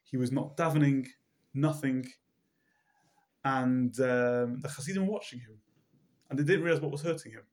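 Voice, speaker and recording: Male Torah teacher, middle-range voice, animated storyteller, stumbles and repeats himself. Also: mid-range voice, normal speed, long pauses. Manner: repeats words, many fillers, animated storyteller. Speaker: religious teacher.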